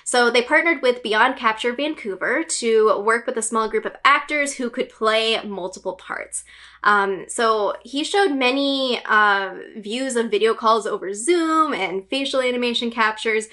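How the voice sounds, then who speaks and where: A woman recaps gaming news for her channel in a casual, chatty way, her speech dotted with fillers and little giggles. Her voice is bright and forceful, pitched a little high, and she sounds like an eager fan. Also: measured pace. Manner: enthusiastic fan.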